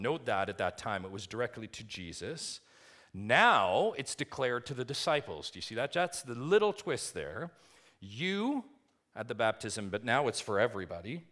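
Dramatic male preacher, big swings. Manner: dramatic swings between loud rising emphasis and quiet low asides; asks the congregation rhetorical questions. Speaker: pastor. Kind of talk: sermon.

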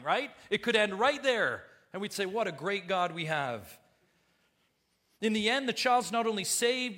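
A male pastor preaching a sermon in an emphatic way, swinging from hushed tones to loud bursts and repeating phrases for emphasis. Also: high voice.

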